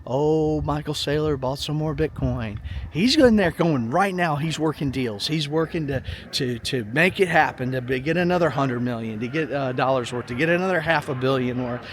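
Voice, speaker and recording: A man's voice: medium pitch, animated, brisk, hardly any pauses, a little hiss or hum. A middle-aged man giving casual, rambling money commentary in a vlog, emphatic and folksy, often repeating himself. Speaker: finance vlogger.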